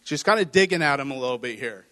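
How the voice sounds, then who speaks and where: A man's voice: medium pitch, animated, fast talker, pushed and bright. A man preaching a conversational sermon, reading scripture and explaining it with playful acted asides. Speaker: pastor. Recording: hall reverb.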